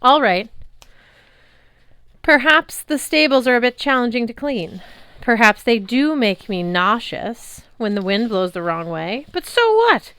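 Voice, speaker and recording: A woman's voice: on the high side, very animated, a little slow, fairly bright tone, clear, resonant tone, no echo, pitched above the performer's own voice, full character voice. A woman doing a sly drawling rancher man. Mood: sly boasting. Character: boastful sly male rancher monster with drawl.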